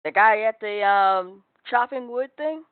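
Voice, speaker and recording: A woman's voice: mid-range voice, measured pace, clear, resonant tone, no room sound. A woman playing in a tabletop game, teasing and playful in casual chat. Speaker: player. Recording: phone-like online call.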